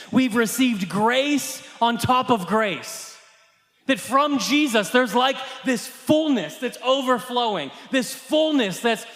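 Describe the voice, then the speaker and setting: High-voiced man preaching in an echoing hall. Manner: impassioned preaching with shouted emphasis. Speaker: pastor. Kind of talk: sermon. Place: church service. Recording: echoey hall reverb.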